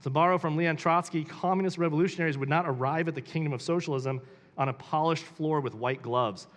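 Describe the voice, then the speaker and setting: A man reads passages from a book and stops to comment on them. His voice sits a little high, and he asks pointed rising questions between the quotes. A long reverb tail hangs behind his words. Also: brisk. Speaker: pastor. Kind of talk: live book reading with commentary.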